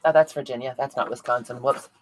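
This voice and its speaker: A chatty woman with a low, deep speaking voice hosts a crafting livestream from home. She talks casually while she works, answering viewers by name and laughing often. A faint hiss sits under the recording. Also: fairly even intonation, fast talker, low-quality recording. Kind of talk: casual livestream chat reading viewer comments.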